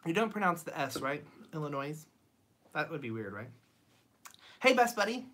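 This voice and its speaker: Lady livestreaming from her home studio, reading comments, bright voice, lots of ums. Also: low voice, sing-song, moderate pace. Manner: chatty, reads viewer comments aloud; frequent ums and bright laughs. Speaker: channel host. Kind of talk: casual livestream chat.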